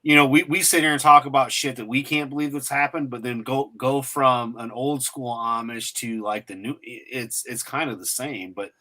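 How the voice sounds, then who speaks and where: Bright-voiced joking podcast man. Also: mid-range voice, fairly even intonation, normal speed, few pauses. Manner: crude joking, rambling, trails off. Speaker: podcast host. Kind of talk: casual chat.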